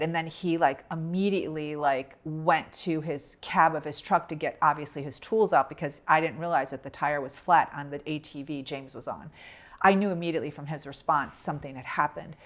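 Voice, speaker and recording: A woman co-hosting a casual podcast, telling a family travel story with lots of quoted back-and-forth. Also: low voice. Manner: animated, retells with quoted dialogue. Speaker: podcast co-host.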